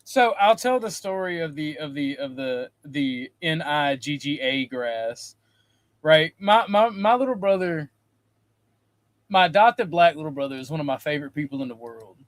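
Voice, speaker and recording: A man with a high voice hosting a streamed talk show, telling a loose, profane anecdote and laughing easily. His sound is close and dry, with no room around it. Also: animated, normal speed, no echo. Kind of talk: casual storytelling chat. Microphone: streaming call mic.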